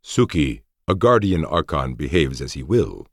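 A man voicing a proud armored lord in an audiobook, speaking firmly and calmly, sometimes needling. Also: extremely low pitch, measured pace, heavily acted. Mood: commanding. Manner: firm, calm, needling. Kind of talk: audiobook character voice.

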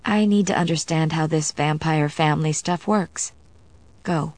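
An anxious young wife from an audiobook, as a woman reads her, with a breathy, strained voice. It sits low for a woman and sounds dry and close. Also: measured pace, darkish tone, no room sound.

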